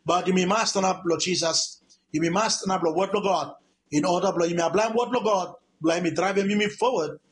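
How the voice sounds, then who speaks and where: A man's voice: high voice, fairly quick, slight background noise. A man from Vanuatu with a Vanuatu accent preaching a radio sermon, emphatic and repetitive, stacking up his phrases.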